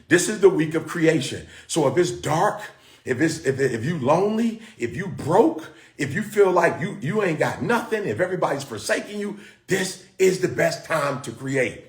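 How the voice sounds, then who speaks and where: Fiery preaching man, high lively voice. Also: measured pace, roomy sound. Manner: fiery and exclamatory, repeats phrases. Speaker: host. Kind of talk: motivational preaching on a livestream.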